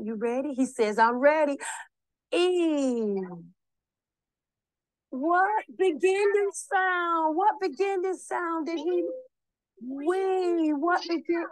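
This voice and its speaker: A woman's voice: high voice, darkish tone, dry recording. A woman teaching young children in a classroom, encouraging and praising them often.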